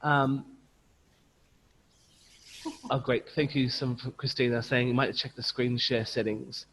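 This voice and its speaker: A man leading an online teacher training, patiently modelling words slowly and repeating them for his audience over a video call. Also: mid-range voice, fairly even intonation, a bit bright, long reverb tail, a little hiss or hum, rough recording. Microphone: computer mic on a video call.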